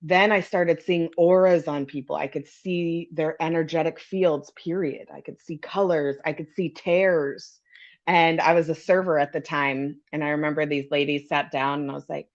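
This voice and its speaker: Low-voiced candid woman, dull recording. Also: fairly even intonation, moderate pace. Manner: candid, swears and laughs easily. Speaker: psychic and energy healer guest. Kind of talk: casual storytelling.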